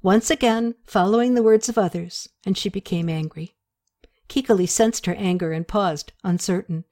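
A woman narrates an audiobook chapter at a medium pitch. She tells the story in a steady, expressive way. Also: normal speed.

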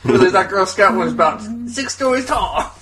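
High-voiced laughing young man. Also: lively intonation, normal speed, over a noisy crowd. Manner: laughing, teasing quips. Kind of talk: casual chat. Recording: lo-fi podcast mic with people around.

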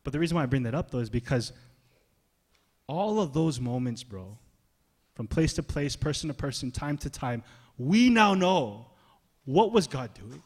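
A male pastor preaching a sermon in a casual, conversational way, swinging between loud emphasis and soft, hushed asides. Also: mid-range voice, lively intonation, moderate pace, pauses often. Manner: casual, conversational phrasing with slang.

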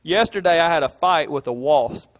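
High-voiced pastor preaching. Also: male voice, expressive, normal speed. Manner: folksy, illustrates with homey stories and repetition. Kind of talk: sermon.

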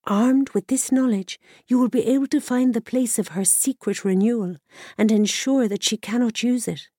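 Woman reading wise druid in bird form, calm, steady instructions, dry close sound. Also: a little high, normal speed, no echo, pitched above the performer's own voice, close to an everyday voice. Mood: instructive.

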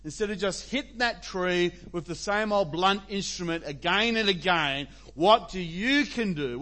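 A man's voice: high-pitched, sharp tone. A man preaching a sermon as pastor, conversational and emphatic.

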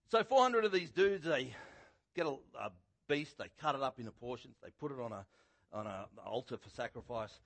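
A middle-aged man preaching a sermon, telling a Bible story in a conversational, animated way with a husky voice. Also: fairly high pitch. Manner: animated storytelling, acting out quotes loudly.

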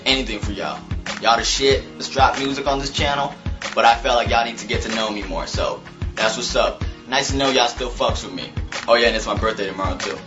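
A man's voice: medium pitch, a little fast. A man talking casually and chattily to camera in a video clip. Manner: laid-back, chatty. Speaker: video creator. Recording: dull lo-fi clip with music.

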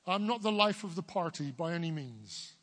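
A man in his forties from England with a big booming voice, preaching an earnest sermon as pastor. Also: lively intonation, moderate pace, fairly bright tone, long reverb tail. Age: 40s. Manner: earnest, building to emphatic declarations.

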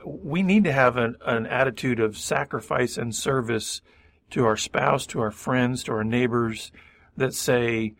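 This man's medium-pitched, slightly bright voice comes through with no room sound as he co-hosts a faith-based recovery radio program. He builds thoughtfully on his partner's points, repeating "I mean" often.

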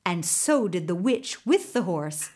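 A woman reading a fairy tale aloud in an expressive, dramatic storyteller manner. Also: on the low side, measured pace.

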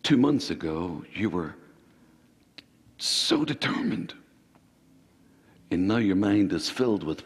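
A man preaching a sermon as pastor, with sudden emphatic rises and quick bursts. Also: deep voice, very animated, breathy edge. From Ireland. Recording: hall reverb.

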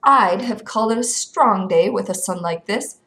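A woman voicing a cheeky thirteen-year-old shepherd boy from a storybook, full of gleeful wordplay and sly mock-innocence. He twists every question into a riddle and clearly enjoys it. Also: mid-range voice, normal speed, fairly bright tone, natural voice. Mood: teasing.

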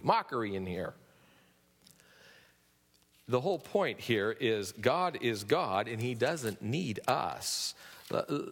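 A man preaching a sermon to his congregation, building to emphatic peaks and turning to them with asides. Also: medium pitch. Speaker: pastor. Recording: long reverb of a large hall.

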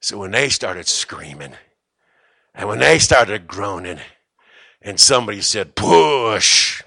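A middle-aged man preaching a sermon in a church, moving from quiet asides to shouting and joking with the congregation. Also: lowish voice, expressive, slow, vocal fry, dry recording, studio quality. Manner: jokes with the congregation. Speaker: pastor. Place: church sanctuary.

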